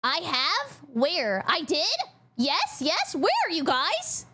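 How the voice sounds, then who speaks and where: A woman streamer reacting casually to a video, joking and giggling and talking to her chat. Her voice sits high and swoops around a lot. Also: wildly swooping pitch, slow pace, sharp tone.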